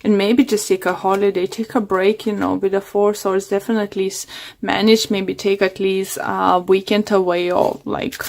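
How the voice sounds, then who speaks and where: A woman's voice: mid-range voice, level tone, moderate pace, gravelly, a little mellow. Woman tarot reader losing her voice. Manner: hesitant, many fillers and restarts. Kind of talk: casual tarot reading monologue.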